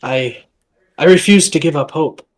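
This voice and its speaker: A man voicing a shaken male villager who stutters and speaks in hushed, urgent tones in a tabletop game. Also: on the high side, unhurried. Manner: stammering, hushed.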